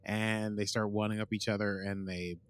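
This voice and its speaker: A man's voice: on the low side, little pitch movement, moderate pace, no room sound. A man co-hosting a podcast, joking dryly in casual chat and recapping an episode's plot. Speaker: podcast co-host.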